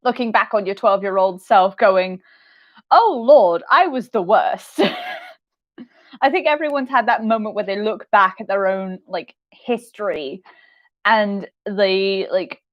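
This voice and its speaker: A woman's voice: mid-range voice, measured pace, muffled recording. A young woman writing an audio drama podcast, chatting casually through audience questions on a livestream with a giggly, self-deprecating manner.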